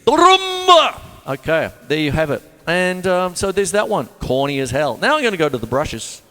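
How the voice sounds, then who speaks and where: A man's voice: on the high side, animated, a little fast, a bit bright, long reverb tail. A man giving a casual drum lesson, chatting and scatting the beats aloud. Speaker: drum teacher. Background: drum kit playing.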